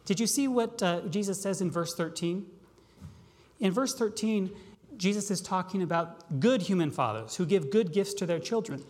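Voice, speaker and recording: A pastor preaching a sermon, asking rhetorical questions and slowing down on key phrases. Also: mid-range voice, a little mellow. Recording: long reverb of a large hall.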